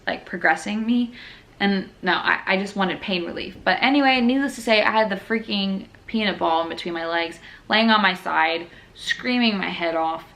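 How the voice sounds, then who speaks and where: A woman's voice: fairly low pitch, a bit bright. A young woman telling her own birth story in a frank, casual, chatty way. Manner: candid, frank, chatty with many fillers.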